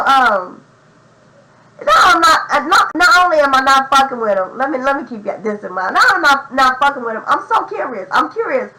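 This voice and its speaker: A young adult woman telling a profane, slang-heavy story in an animated, casual storytime vlog. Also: high voice, normal speed, very noisy. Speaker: vlogger.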